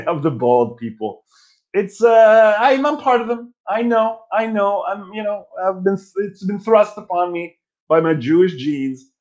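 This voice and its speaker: A man in his forties rants on a live stream from his old childhood bedroom, his pitch jumping all over as he tells stories. He swears a lot and makes fun of himself, and his voice sits a bit high for a man. The audio is dull and lo-fi. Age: 40s. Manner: profane, self-mocking, animated storytelling. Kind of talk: casual ranting live stream.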